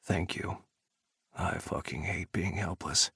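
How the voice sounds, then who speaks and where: A man voicing a shaken man, hushed and low, soft-spoken, gravelly edge, dry close sound. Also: fairly even intonation, slow, no room sound, full character voice. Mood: bitter.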